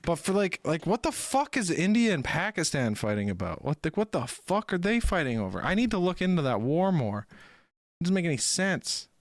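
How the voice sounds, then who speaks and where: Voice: mid-range voice, sing-song, brisk, dry recording, clean studio sound. A streamer reacting to a video in casual, rambling talk, full of swearing and restarts. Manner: rambling, profane, many restarts.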